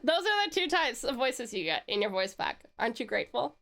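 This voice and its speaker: A woman's voice: fairly high pitch, brisk, vocal fry. A woman from Tasmania with an Australian accent, chatting playfully on a live stream and greeting viewers. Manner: playful, teasing, bursts of excited squeals. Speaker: VTuber streamer. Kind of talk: casual live-stream chat.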